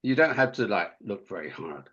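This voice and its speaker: A man's voice: lowish voice, big pitch swings, normal speed, a bit bright, highs cut off. A man being interviewed as an author guest, telling witty anecdotes in a campy way and chuckling often. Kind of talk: casual interview chat.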